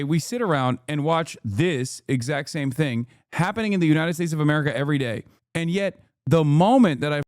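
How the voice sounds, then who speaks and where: A man's voice: fairly high pitch, no echo, clean studio sound. Sarcastic ranting streamer man. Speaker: streamer reacting to a video. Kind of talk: live-stream reaction commentary.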